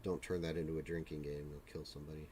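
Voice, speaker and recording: Very deep-voiced man chatting casually. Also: little pitch movement, fast, warm tone, slight background noise. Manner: rambling, joking, self-deprecating asides. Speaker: live stream host. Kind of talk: casual chat while painting miniatures. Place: home hobby room with a printer and air purifier.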